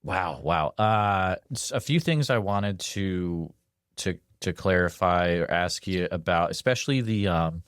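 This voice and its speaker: A man's voice: sits low, a little slow, a bit bright, clear, resonant tone, dry recording, clean studio sound. A man hosting a podcast interview, enthusiastic and stumbling over his words as he reacts to the guest. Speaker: podcast host. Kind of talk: casual interview.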